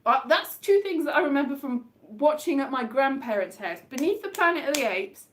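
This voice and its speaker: Woman, high voice, chatty live-stream ramble from indoors at home. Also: expressive, a little fast, a bit bright, a little hiss or hum. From Wales. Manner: rambling, chatty, jumps between tangents. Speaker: comedian live-streaming to viewers. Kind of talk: casual live-stream chat.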